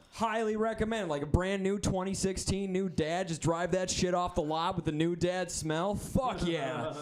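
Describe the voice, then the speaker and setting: A young man from the Midwest doing a stand-up comedy set, rambling and self-deprecating with crude deadpan asides. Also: high-pitched, a little slow. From American Midwest (Wisconsin).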